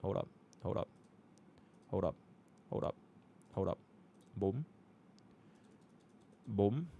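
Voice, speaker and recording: A man's voice: low voice, expressive, takes it slowly, vocal fry, dark tone, muffled recording, a little hiss or hum. A young man from Singapore streaming live, chatting casually and muttering to himself as he works through menus. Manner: chatty, repeats filler phrases, mutters to himself.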